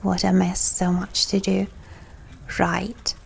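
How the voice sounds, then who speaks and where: A woman whose first language is not English, hosting a let's play and reading the game text aloud in a soft, unhurried way. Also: fairly low pitch, monotone, creaky, husky. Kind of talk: calm gameplay narration. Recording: faint music behind.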